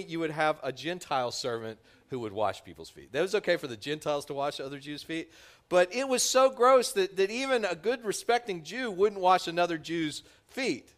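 A man preaching a sermon, telling the story with lively voices for its characters. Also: on the high side. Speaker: pastor.

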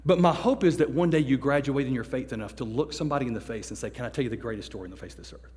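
A man preaching a story-driven sermon as a youth pastor, acting out voices and swinging from hushed to loud. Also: medium pitch, rapid-fire. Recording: long echo of a large hall.

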